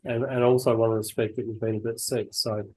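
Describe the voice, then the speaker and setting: A man's voice: medium pitch, level tone, fast, warm tone, slightly rough. A man hosting a study group on a video call, speaking politely and appreciatively. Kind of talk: casual chat on a video call.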